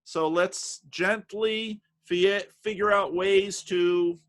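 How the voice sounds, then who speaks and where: A man from New Jersey talks through a casual video call as host, his voice sitting a little higher than most men's. He speaks in halting bursts, stopping and restarting phrases and leaning on fillers as he thinks aloud. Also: fairly even intonation, a bit bright. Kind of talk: casual conversation.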